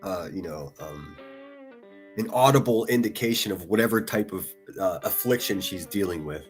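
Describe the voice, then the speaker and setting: A man's voice: low voice, animated, normal speed, soft background music. A man giving profane, taunting live-stream commentary, laughing often as he mocks. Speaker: livestream commentator.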